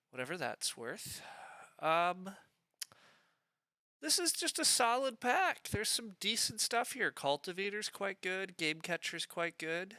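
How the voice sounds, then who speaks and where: A man's voice: a little high, bright, forceful tone, no room sound. A man streaming a board game live, thinking aloud in a chatty way with lots of fillers as he weighs his picks.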